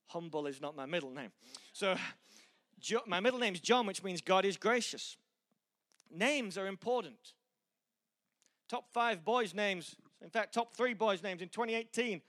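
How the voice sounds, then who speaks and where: A man's voice: high voice, expressive, a little slow, fairly bright tone. A middle-aged male pastor with a mixed Yorkshire and American accent, preaching with self-deprecating humor and earnest encouragement. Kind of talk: sermon.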